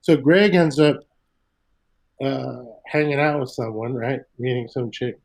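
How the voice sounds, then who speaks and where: A man's voice: mid-range voice, measured pace, gravelly, rough recording. A middle-aged man, a guest comedian in a casual chat, telling rambling road stories, swearing freely and acting out quotes.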